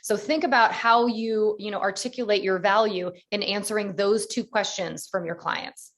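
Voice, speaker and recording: A woman's voice: medium pitch, moderate pace. A woman teaching a business-planning session, walking listeners through each step in an encouraging, conversational way. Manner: encouraging, explains step by step with many "you know"s. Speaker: real estate business coach. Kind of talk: instructional webinar talk.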